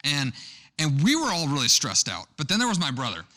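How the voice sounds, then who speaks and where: A man's voice: a little high, wildly swooping pitch, a little fast, pushed and bright. A young man preaching a sermon, telling a personal story in a conversational way with frequent restarts. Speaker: pastor.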